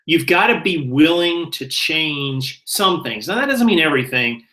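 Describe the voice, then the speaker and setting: Casting note: middle-aged southern host, bright and forward tone, chatty, self-correcting. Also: male voice, fairly high pitch, animated, unhurried, rough recording. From American South. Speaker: reseller channel host. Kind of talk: casual chat.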